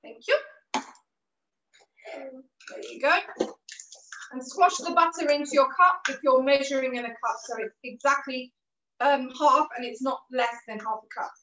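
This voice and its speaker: A woman's voice: high voice, a little slow, long pauses, sharp tone, roomy sound, recorded from a distance, dull audio. A woman teaching a live online cooking class, giving patient, encouraging step-by-step instructions, with a cough and a bit of throat trouble. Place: kitchen.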